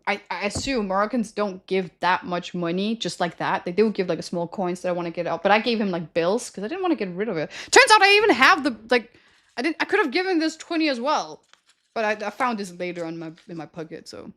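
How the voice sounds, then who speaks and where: Lively intonation marks this young adult woman's mid-range, slightly bright voice as she talks a little fast. Telling stories to her stream chat, she rambles casually in slang and keeps correcting herself mid-sentence.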